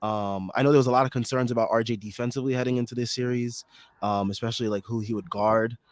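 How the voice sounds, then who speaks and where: A man hosting a casual postgame basketball show, chatty and excitable, full of fillers, his voice a little hoarse from screaming. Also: mid-range voice, fast, dry recording. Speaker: podcast host.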